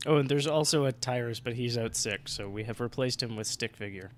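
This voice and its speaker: A man's voice: mid-range voice, brisk. Chatty self-deprecating man hosting a game podcast. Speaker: podcast host and player. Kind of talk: casual tabletop game chat.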